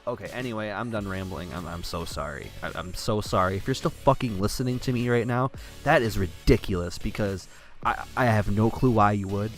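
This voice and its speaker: A man's voice: on the low side, a little fast, soft background music. A young man casually telling a story from his sandwich shop job, rambling with lots of fillers and swearing. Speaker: vlogger, sandwich shop worker.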